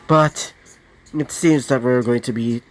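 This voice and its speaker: A man's voice: medium pitch, steady tone, measured pace, natural voice. A man voicing a brooding young male demon summoner who answers curtly and dismissively. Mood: curt cold. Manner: curt, dismissive, short replies.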